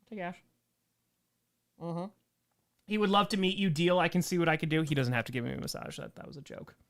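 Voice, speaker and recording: A man's voice: fairly high pitch, expressive, brisk, a bit bright. A young man hosts a members Q&A stream, reading chat and answering with dry, sarcastic humor. His voice swings widely up and down, and he laughs easily between lines. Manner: joking, sarcastic, laughs often. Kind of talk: casual livestream chat reading comments.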